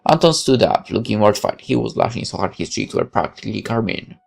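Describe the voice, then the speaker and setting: A man's voice: lowish voice, expressive, fast talker, gravelly. A man reading a visual novel aloud as narrator, with occasional casual asides.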